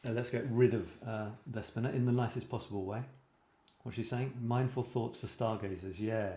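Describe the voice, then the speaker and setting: Male host, middle pitch, casual and rambling, reads poems playfully, roomy echo. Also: steady tone, a little fast, warm tone. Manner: chatty, lots of fillers and restarts; reads light verse playfully. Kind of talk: casual chat and reading poems aloud.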